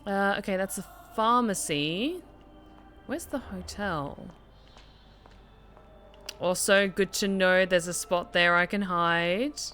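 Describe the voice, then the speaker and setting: A woman streaming a video game with casual, excitable commentary, often exclaiming and swearing. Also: medium pitch, takes it slowly, long pauses, faint music behind.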